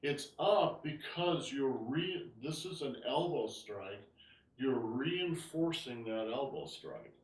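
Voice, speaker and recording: A man's voice: mid-range voice, expressive, slow pace, reverberant, recorded from a distance. A man teaching an online tai chi class, explaining moves as he demonstrates and often asking "right?".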